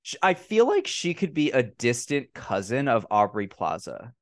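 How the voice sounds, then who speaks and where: A man hosting a casual film podcast, retelling scenes with lots of swearing and animated energy. His voice sits at an ordinary middle pitch. The sound is dry and close, with no room echo. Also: normal speed. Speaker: podcast host. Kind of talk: casual film review chat.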